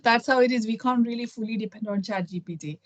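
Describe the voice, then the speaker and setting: A woman's voice: on the high side, fast talker, dry recording, highs cut off. A middle-aged woman from Kerala speaks with an Indian accent, chatting as a guest over a video call. She thinks aloud, with many fillers and restarts. The sound is dry and close. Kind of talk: casual conversation.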